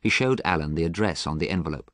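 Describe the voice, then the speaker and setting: A man reading a story aloud clearly and expressively for English learners. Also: low-pitched, lively intonation, quick pace, a bit bright, no room sound, clean studio sound.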